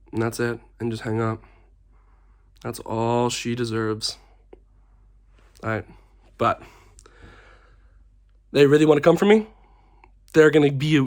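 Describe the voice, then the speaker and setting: A young man who is tipsy, giving a dramatic, theatrical reality-show confessional and acting out what others said. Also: mid-range voice. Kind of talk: confessional to camera.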